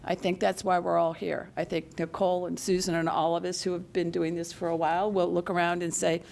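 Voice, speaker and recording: A woman chairing a committee meeting, thanking members with many halting restarts. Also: fairly low pitch, little pitch movement, gravelly, a little mellow, a little hiss or hum. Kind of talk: formal meeting remarks. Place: meeting room.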